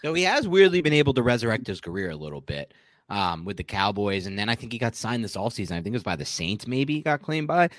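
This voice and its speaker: Fast-talking and on the low side in pitch, this sports podcast co-host is recorded with no room sound. His casual chat is animated and rambling, and he frequently corrects himself partway through sentences.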